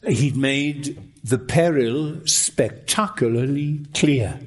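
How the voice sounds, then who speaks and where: A male preacher delivering a sermon at an unhurried, measured pace. His voice sits in a middle register, climbing high on emphatic words and dropping to near hushes for effect. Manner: slow, emphatic preaching with rising exclamations and dropped, hushed lines.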